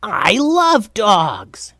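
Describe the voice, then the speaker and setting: A man voicing a friendly goblin king who talks slowly in broken, simple speech. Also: high-pitched, huge pitch swings, vocal fry, bright, forceful tone, no room sound, studio quality, pitched above the performer's own voice, exaggerated voice. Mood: eager.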